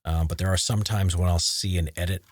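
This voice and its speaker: A man's voice: sits low, a little fast. A man with a Rhode Island accent, a voiceover artist casually explaining his editing workflow in a tutorial. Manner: relaxed, explains while clicking and typing.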